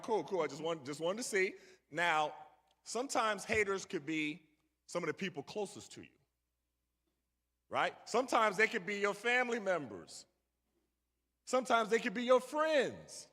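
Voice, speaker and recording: A man's voice: high voice, expressive, normal speed, pauses often, fairly bright tone. A middle-aged man telling a story to a young audience and bantering with the crowd. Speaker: guest speaker. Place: large church hall. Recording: echoey church hall.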